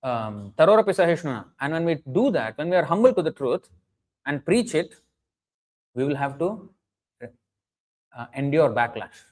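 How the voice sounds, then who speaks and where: A man's voice: a little high, very animated, normal speed, pauses often, a little mellow, poor audio. A man giving an earnest, emphatic sermon, often restarting phrases and chanting Sanskrit verses. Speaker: preacher. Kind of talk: sermon lecture.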